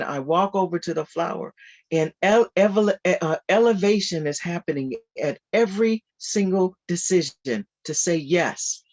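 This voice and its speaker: A guest speaker gives an informal spiritual talk over a video call, animated and repetitive, laughing frequently. The voice is mid-range and the sound is lo-fi.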